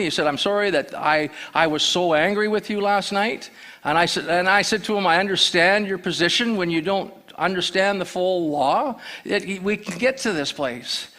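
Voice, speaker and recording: Man, sermon, guest preacher, high voice, bright tone, stumbling storyteller. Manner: plain storytelling with restarts and repeated words. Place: church sanctuary.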